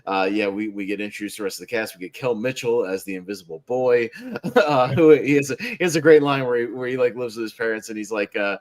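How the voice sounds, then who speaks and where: Podcast panelist, male, average pitch, loose chatty recap style with lots of laughter. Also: fast talker. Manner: rambling recap with frequent laughs. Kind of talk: casual movie podcast chat.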